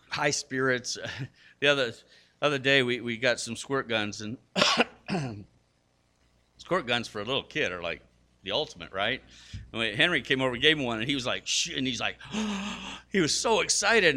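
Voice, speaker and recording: An older man, a grandfather, preaching a sermon with animated storytelling, acting out quotes and poking fun at himself. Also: mid-range voice. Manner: self-deprecating. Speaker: pastor.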